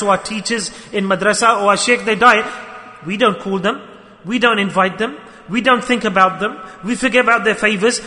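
A man's voice: sits high, bright, forceful tone. A man preaching a sermon at a gathering on a microphone, impassioned and full of rhetorical questions. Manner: impassioned, rhetorical questions, rises and falls sharply. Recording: reverberant hall.

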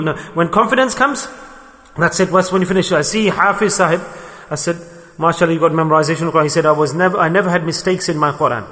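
A man delivers a sermon in an earnest, emphatic voice, telling stories and pressing his listeners with rhetorical questions. His voice sits high for a man. The sound carries a long reverb, as if recorded in a large hall. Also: quick pace, bright, forceful tone. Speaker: preacher.

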